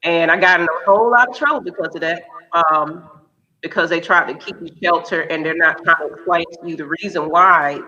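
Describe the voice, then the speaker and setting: A woman's voice: fairly low pitch, fairly quick, sharp tone. A woman in her thirties, a podcast co-host talking frankly and candidly in casual chat. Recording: dull lo-fi recording.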